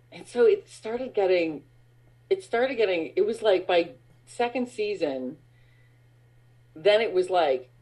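Chatty woman rambling through stories. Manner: rambling, lots of fillers, laughs at her own stories; bright high tones when acting out fans. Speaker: guest. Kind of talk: casual interview chat.

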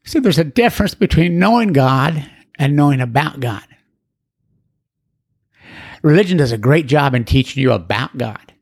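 A man's voice: fairly high pitch, expressive, normal speed, pauses often, a little mellow. An older man sharing his recovery story in a folksy, rambling, plain-spoken way. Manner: acts out other people's voices in quotes. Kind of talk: storytelling talk.

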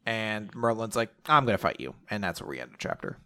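A man's voice: on the low side, very animated, brisk, pushed and bright. A man hosting a podcast, loosely recapping comic chapters with lots of fillers and the odd curse. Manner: loose, filler-heavy, occasional swearing. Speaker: podcast host. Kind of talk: casual chat recapping comics.

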